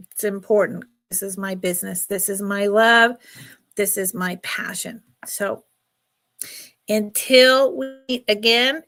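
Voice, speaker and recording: A chatty, emotional middle-aged woman sells jewelry on a casual live stream, often breaking into laughter. Her voice has a medium pitch and a fairly bright tone.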